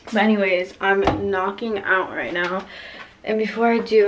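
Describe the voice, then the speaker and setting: Late-teen female vlogger, casual bedtime chat to camera, soft and earnest, even mid-pitched voice with little lift. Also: a little slow, noisy background. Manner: soft, heartfelt and rambling. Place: home at night, taking off makeup. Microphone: camera set down nearby.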